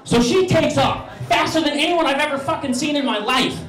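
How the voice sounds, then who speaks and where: A young man tells a stand-up story in an animated, profane way, slipping into voices for the people in it. His voice sits very high for a man. He sounds set back from the mic, with an echoey club room around him. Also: brisk, recorded from a distance, soft background music, some chatter behind. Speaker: stand-up comedian.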